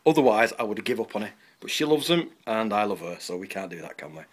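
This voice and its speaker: A man's voice: on the low side, sing-song, fast talker, slightly rough, no room sound. A man giving a chatty, rambling, self-mocking tour of his allotment, recorded outdoors on a camera mic. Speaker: allotment vlogger. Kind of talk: casual garden tour.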